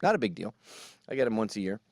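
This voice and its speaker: A man's voice: lowish voice, very animated, fast talker, vocal fry, no room sound, studio quality. A man giving a sarcastic, ranting comedic commentary, mocking as he goes. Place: New York.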